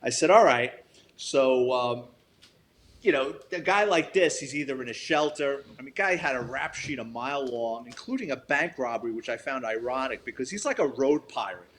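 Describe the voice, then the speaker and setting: A man's voice: mid-range voice, normal speed, a bit bright, slight background noise. An older man, a retired detective telling stories in an interview, blunt and profane, acting out quoted dialogue. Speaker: retired police detective, guest. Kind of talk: storytelling interview.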